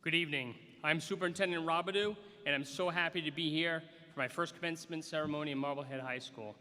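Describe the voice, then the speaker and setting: Man, superintendent, graduation speech, bright voice, long echoing reverb. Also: a little high, steady tone, quick pace. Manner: storytelling with self-deprecating humor. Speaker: school superintendent. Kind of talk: commencement speech. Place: outdoor graduation on a school field.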